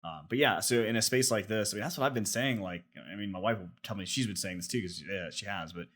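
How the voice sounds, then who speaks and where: Talking at a quick pace in a lowish, fairly bright voice, a man co-hosting a podcast rambles through a long story in casual chat. He fills it with filler words and keeps restarting.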